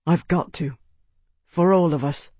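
An earnest young leader, voiced by a male narrator, soft and strained beneath his resolve. The tone is husky and close, with no room around it. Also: fairly high pitch, fairly even intonation, unhurried, no echo. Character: young man, frightened war leader, earnest son.

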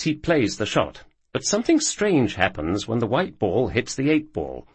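A man narrating a scripted story with measured storytelling delivery. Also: medium pitch, huge pitch swings, slightly rough, dry recording.

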